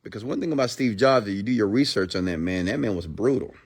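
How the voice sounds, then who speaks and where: A man's voice: fairly low pitch, expressive, fast talker, breathy edge. A man giving a motivational rant who talks emphatically, repeats his points and asks rhetorical questions. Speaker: motivational speaker.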